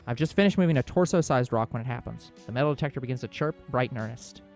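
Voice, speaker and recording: Fast-reading man narrating a visual novel. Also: medium pitch, gravelly, soft background music. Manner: quick, steady storybook reading with small slips. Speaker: let's play host reading the story.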